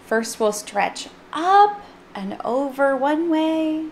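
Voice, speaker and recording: A woman's voice: high voice, expressive, slow, slight background noise. A woman librarian reading a picture book aloud to children, playfully acting out the sound words. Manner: playful, acts out sound words with big swings in voice. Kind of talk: storytime read-aloud.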